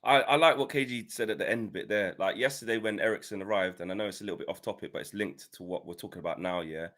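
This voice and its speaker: A man's voice: on the low side, fast talker, a bit bright. A man, making an earnest case about football on a casual podcast panel.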